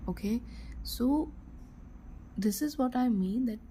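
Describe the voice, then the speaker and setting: A woman's voice: a little high, slow pace, warm tone, rough recording. Hesitant woman explaining forensics, faint hiss. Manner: hesitant, many fillers and restarts. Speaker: forensics channel presenter. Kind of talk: informal educational talk.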